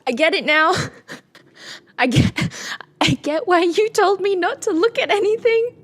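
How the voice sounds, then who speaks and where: A woman's voice: very high voice, animated, a little slow. A woman reacting to a song, giggly and stunned. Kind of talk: music reaction commentary.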